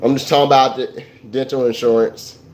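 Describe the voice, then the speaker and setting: A man's voice: medium pitch, level tone, brisk, darkish tone, poor audio. Rambling man livestreaming to chat. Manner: rambling, repeats himself with restarts, chuckles at chat. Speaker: livestream host. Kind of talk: casual livestream talk to viewers.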